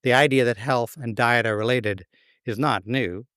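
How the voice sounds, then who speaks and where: A man's voice: medium pitch, moderate pace, a bit bright, no room sound. A man preaching a sermon as pastor, conversational with dry, wry humor.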